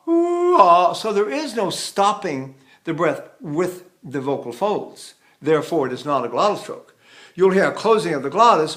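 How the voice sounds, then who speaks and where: An older man with a high speaking voice teaches singing technique. He explains patiently and wanders into asides. He often restarts his sentences mid-thought. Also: fairly bright tone. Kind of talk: vocal technique lesson with sung demonstrations.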